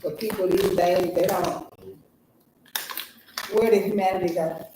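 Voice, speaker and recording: A woman's voice: measured pace, background noise. A woman co-hosting a podcast, telling a story in casual chat and acting out the people she quotes. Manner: animated, acts out quoted people in a higher voice. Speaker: podcast co-host. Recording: echoey room, mic far off.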